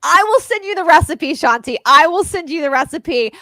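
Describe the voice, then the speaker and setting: A Southern American woman with a high voice and a dry, close sound, chatting on a livestream. She tells stories with lots of energy and laughs often. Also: moderate pace, no room sound, low-quality recording. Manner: animated, laughing storyteller. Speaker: co-host. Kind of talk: casual livestream chat.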